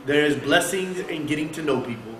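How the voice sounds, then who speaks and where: Animated high-voiced man giving a sermon. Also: fairly quick. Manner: animated, rhetorical questions, quotes Arabic scripture. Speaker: mosque speaker. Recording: echoey room with faint noise.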